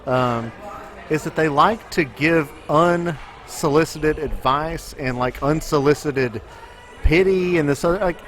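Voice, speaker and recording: A man co-hosting a podcast, opinionated and quick to get fired up in casual chat. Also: on the high side, fairly bright tone. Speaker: podcast co-host.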